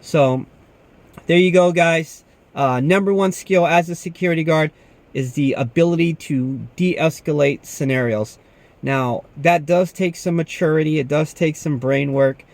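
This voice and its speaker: A young security guard talks casually to camera in a slightly high, somewhat mellow voice, speaking a little slowly. He's laid-back, says "man" often, and tells stories in which he acts out the people he quotes.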